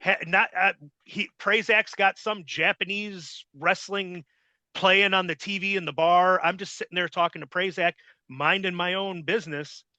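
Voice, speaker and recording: A man's voice: high voice, fairly even intonation, moderate pace, bright, forceful tone, no echo. A man hosting a podcast, telling stories in a blunt, heavily profane casual style. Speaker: podcast host. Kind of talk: casual interview storytelling.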